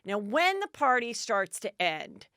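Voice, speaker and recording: A woman's voice: on the high side, very animated, a little slow, bright, forceful tone, no room sound, clean studio sound. A middle-aged woman podcast host telling a story in a casual, chatty way and acting out the dialogue in bursts.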